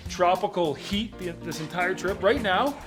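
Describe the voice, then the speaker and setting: A young man teasing and swearing at his friends in a brash, loud way. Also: sits high, moderate pace. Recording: music playing behind.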